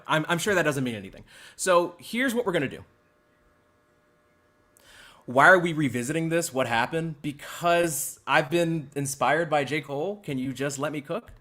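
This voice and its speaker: Animated bright-voiced male streamer. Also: fairly high pitch. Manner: mock-emotional, swinging between loud outbursts and hushed mumbling. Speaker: host. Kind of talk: livestream commentary.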